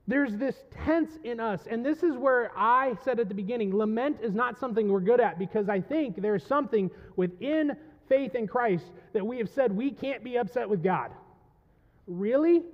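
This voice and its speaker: A male pastor preaching a passionate sermon to his congregation, swinging between quiet reflection and loud pleading. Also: extremely high pitch, in a large hall, muffled recording. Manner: impassioned, rising to loud pleading when voicing the psalm. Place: church sanctuary.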